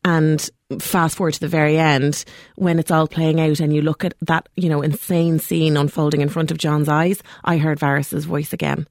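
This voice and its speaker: Woman chatting about a tv show, bit low voice, acts out the lines, dry sound. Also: flat delivery, normal speed, few pauses, a little mellow, dry recording. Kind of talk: casual chat about a TV episode.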